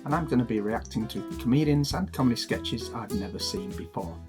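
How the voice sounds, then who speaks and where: A man's voice: medium pitch, lively intonation, fairly quick. Upbeat man introducing a reaction video. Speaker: YouTube reaction host. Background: guitar music.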